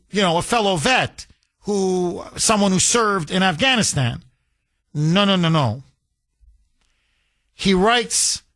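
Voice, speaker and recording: Middle-aged male talk radio host, heated and emphatic, bright forceful tone. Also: high-pitched. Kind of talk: political talk radio monologue.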